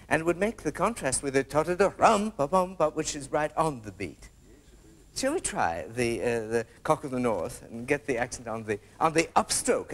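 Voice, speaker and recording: A man leading a rehearsal, courteous and precise, singing out rhythms in nonsense syllables to show the phrasing. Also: a little high. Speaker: visiting violinist leading a workshop. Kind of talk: rehearsal coaching.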